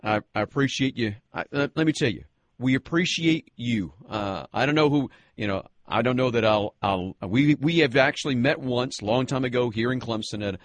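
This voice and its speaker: A man hosting a radio interview who speaks earnestly and haltingly, restarting his sentences often. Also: medium pitch, lively intonation, no room sound. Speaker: radio host.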